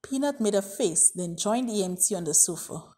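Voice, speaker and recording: Woman narrator for a read-aloud children's story, husky, mid-pitched, steady. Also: normal speed.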